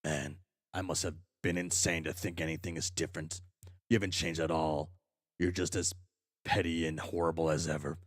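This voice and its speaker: A man's voice: very deep voice, little pitch movement, normal speed, dry recording, studio quality. A man playing Karkat, furious foul-mouthed troll. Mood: bitter. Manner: shouting tirades, heavy swearing. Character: furious young male troll, foul-mouthed, self-loathing.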